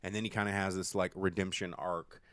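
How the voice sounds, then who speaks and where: A man co-hosting a casual movie-review podcast, rambling and animated, acting out lines in silly voices. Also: sits low, a little fast, slight background noise. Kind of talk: casual chat. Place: studio.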